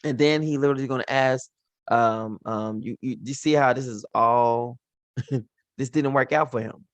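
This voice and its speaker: A man's voice: mid-range voice, moderate pace, dry recording. A man teaching from the Bible in an informal, slangy way, acting out the characters' lines as he retells the stories.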